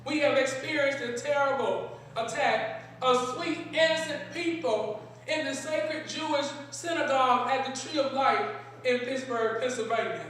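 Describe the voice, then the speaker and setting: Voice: high-pitched, a little slow, a bit bright, heavy reverb, a little hiss or hum. A preacher delivering a sermon in a large synagogue sanctuary, asking rhetorical questions and repeating key phrases, recorded from a distance.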